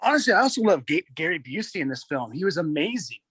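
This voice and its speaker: A man's voice: on the high side, sing-song, fast talker, fairly bright tone, slightly rough, no echo. A man chatting casually as a podcast guest about a film he enjoys, easygoing and enthusiastic. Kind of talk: casual movie discussion.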